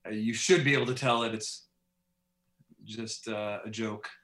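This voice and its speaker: A man's voice: fairly low pitch, steady tone, a little slow, a bit bright. A man from Canada, an author talking as a podcast guest in an easygoing way with light laughs. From Steinbach, Manitoba, Canada. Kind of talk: casual podcast interview. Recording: echoey room.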